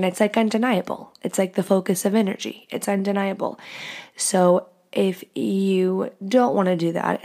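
A woman's voice: lowish voice, creaky, darkish tone. A young woman hosting a casual solo podcast, talking in a candid, crude and joking way and laughing often. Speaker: podcast host.

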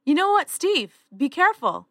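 A woman's voice: very high voice, very animated, normal speed, a bit bright, no room sound, clean studio sound. A woman on a podcast panel, teasing playfully with lots of giggles in casual banter.

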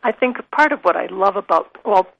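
A woman guest speaking gently and earnestly in an interview, with frequent pauses on "uh.". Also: mid-range voice, lively intonation, creaky, dry recording, rough recording. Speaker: guest, curriculum company president. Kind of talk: conversational interview with read-aloud passages.

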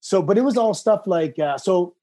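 A man's voice: sits high, normal speed. A man telling stories as a guest in casual chat, acting out the voices of people in his anecdotes. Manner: animated, acts out voices in anecdotes. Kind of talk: casual storytelling.

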